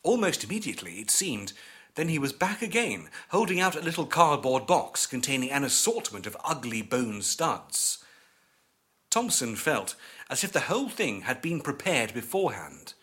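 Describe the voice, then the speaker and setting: A man narrating an eerie story as an audiobook, with measured and expressive storytelling. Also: medium pitch.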